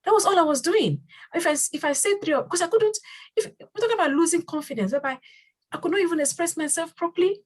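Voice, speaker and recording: A woman's voice: extremely high pitch, fast, rough recording. A woman who leads her community and hosts a panel discussion. She speaks earnestly and repeats phrases for emphasis. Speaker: community leader and host.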